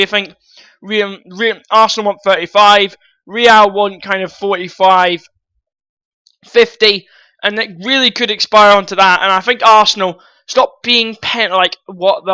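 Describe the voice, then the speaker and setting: A man's voice: high-pitched, fairly even intonation, normal speed, pushed and bright, clean tone, dry recording, low-quality recording. A man ranting bluntly about football transfer news to his viewers, swearing freely and calling them guys. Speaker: football vlogger. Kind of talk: opinionated transfer-news rant.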